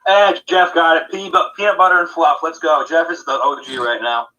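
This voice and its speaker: Bright-voiced chatty man, casual podcast. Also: a little high, fairly even intonation, a little fast, lo-fi sound. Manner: rambling, chatty, laughs easily. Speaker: podcast co-host. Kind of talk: casual chat.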